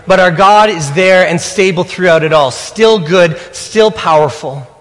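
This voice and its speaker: A man preaching a sermon as a pastor, telling a personal story earnestly with halting restarts. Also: high-pitched, long reverb tail.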